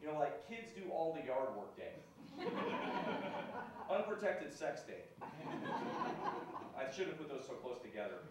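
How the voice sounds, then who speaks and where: A man's voice: a little high, big pitch swings, measured pace, pauses often. A man doing a stand-up routine in a club, with a dry, wry delivery and chuckles at his own jokes. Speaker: stand-up comedian. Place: comedy club stage. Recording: echoey room from far off with ambient noise.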